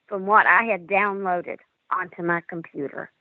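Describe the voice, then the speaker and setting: An animated woman telling her investigation stories on a call, slipping into the voices she quotes. her voice comes through a narrow, tinny phone line, dry with no room around it. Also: lowish voice, normal speed, dry recording. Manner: animated storyteller acting out quotes. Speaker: paranormal investigator guest. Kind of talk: storytelling in a call-in interview.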